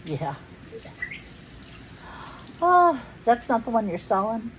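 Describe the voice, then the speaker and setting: A woman's voice: fairly high pitch, very animated, slow, fairly bright tone, slight background noise, rough recording. A middle-aged woman hosting a casual family chat at home, chatty and playful with frequent laughs. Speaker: host.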